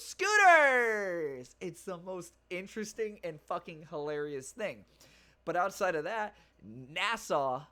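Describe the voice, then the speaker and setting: A young man hosting his own podcast, chatting casually and rambling, swearing freely with plenty of fillers and restarts. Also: on the high side. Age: young adult. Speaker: podcast host. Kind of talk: casual solo podcast chat.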